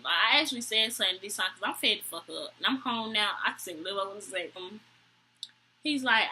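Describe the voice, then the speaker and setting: A young woman, telling a story to camera in an animated, exasperated way. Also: fast, a little hiss or hum, rough recording. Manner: animated, exasperated, quotes people with high voices. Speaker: vlogger. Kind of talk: storytime vlog, casual chat to camera.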